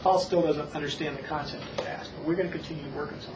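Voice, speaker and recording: An instructor coaching a small child in a reading drill for watching parents, patiently repeating and stretching words out slowly. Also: mid-range voice, fairly even intonation. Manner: patient, repetitive drilling with slow exaggerated words. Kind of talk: demonstration lesson for parents. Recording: echoey, distant, muffled old tape with hiss.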